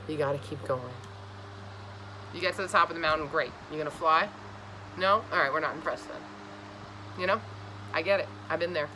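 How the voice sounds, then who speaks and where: Bright-voiced lady scolding ppl, swears a lot, super animated, some traffic faint in the back. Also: on the low side, poor audio. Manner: blunt, profane, scolding. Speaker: astrology reader. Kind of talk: casual direct-to-camera reading.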